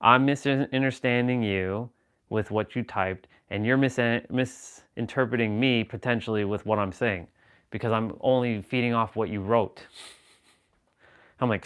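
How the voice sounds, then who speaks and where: A man's voice: on the low side, fairly even intonation, unhurried, fairly bright tone, clear, resonant tone. A man chatting casually on a live stream, rambling and joking as he reacts to viewers' comments.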